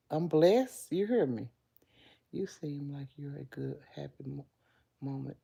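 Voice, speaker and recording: A woman's voice: deep voice, mellow. A woman in her fifties with a Southern US accent, chatting casually with viewers on her livestream. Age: 50s. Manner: chatty, greets viewers by name, playful. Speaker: livestream host. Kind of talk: casual live chat.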